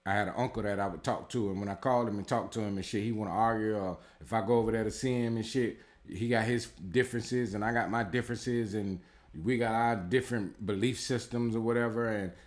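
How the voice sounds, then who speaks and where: A man's voice: lowish voice, steady tone, a little fast. A man in a casual spiritual advice talk as a tarot reader, blunt and heavily profane, rambling and repeating himself with lots of fillers.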